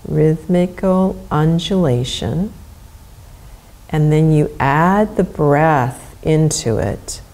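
A middle-aged woman leads a movement lesson in a low, mellow voice. She speaks slowly and softly, easing listeners through each step. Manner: soft, slow, soothing instruction. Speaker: movement educator.

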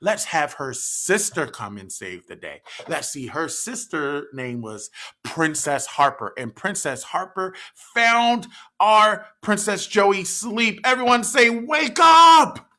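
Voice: medium pitch, slow. A library story time host leading an interactive children's story with songs, prompting the audience to join in. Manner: animated, prompts kids to join in and sings.

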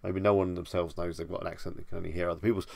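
A relaxed English man with a Bedfordshire accent hosts a late-night live stream from home, answering viewers in an easygoing ramble. His voice sits low with a gravelly, fry-edged texture. The sound is close and dry, with no room echo. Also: very fast. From England. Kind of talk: casual live stream chat.

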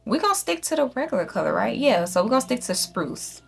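A woman with a slightly high voice hosts a casual let's-play on her gaming channel, talking fast with big swings in pitch and some vocal fry. She chats straight to her viewers, swears freely, and talks to the animals in the game.

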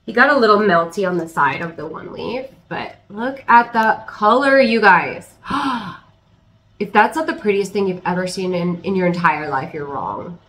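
Young woman, casual unboxing chat, excitable, second-guessing herself, mid-pitched voice. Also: normal speed, low-quality recording. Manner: chatty, excited, hesitant, with many restarts and laughs. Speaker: plant channel host.

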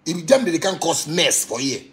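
A Ghanaian man ranting on a casual livestream, animated, with sharp swings from low mutters to loud outbursts. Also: normal speed. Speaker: musician on a livestream.

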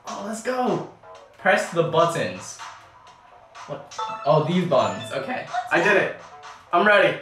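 A woman streaming a game, excitable and swearing often, yelling when she scores. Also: fairly low pitch, slow pace, long pauses. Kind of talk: live game stream commentary. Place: bathroom. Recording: echoey bathroom, distant from mic, faint game music.

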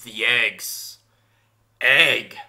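A man's voice: mid-range voice, drawn-out words, gravelly, bright, forceful tone. A man giving casual livestream commentary over gameplay, joking and bantering with chat. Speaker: streamer. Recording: game music playing behind.

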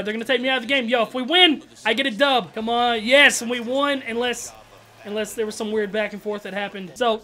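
A man giving casual, slangy commentary over his own gameplay, excitable and trash-talking, with loud outbursts. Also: very high-pitched. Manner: slangy, keeps saying bro and dog. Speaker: gaming YouTuber.

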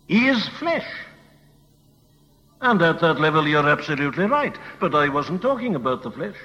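Stern teacher figure played by a preacher, emphatic and rebuking, forceful bright delivery, old echoey recording. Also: male voice, on the high side, heavily acted. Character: firm, rebuking religious teacher answering a skeptic. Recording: old dull recording in a reverberant hall.

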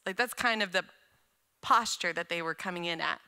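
Woman, guest preacher, bright tone, conversational sermon, animated delivery. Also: on the low side, normal speed, clear, resonant tone. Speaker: guest speaker. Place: church sanctuary.

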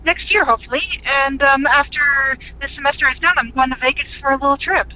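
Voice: high voice, quick pace. A young adult calling in to a show, chatting in a friendly, easygoing way. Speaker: caller. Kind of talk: friendly phone-in chat. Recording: dull phone-in line.

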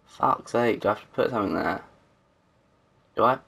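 A man's voice: lowish voice, normal speed, gravelly, a bit bright, husky. A man casually commenting as he plays a game, swearing and joking to himself. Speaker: gamer. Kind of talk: let's play commentary.

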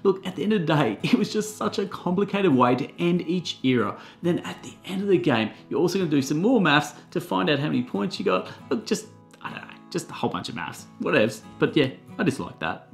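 A man's voice: on the high side, very animated, brisk, vocal fry, faint music behind. A man giving a comedic board game review with jokey, slangy asides.

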